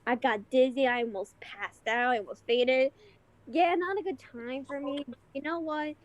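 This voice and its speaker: A woman telling stories in a casual podcast chat, giggly and animated. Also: sits high, normal speed, rough recording. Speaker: podcast co-host.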